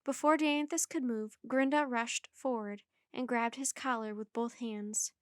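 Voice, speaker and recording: A woman reading a children's chapter book aloud in a clear, measured storytelling manner. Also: a little high, fairly even intonation, dry recording, clean studio sound.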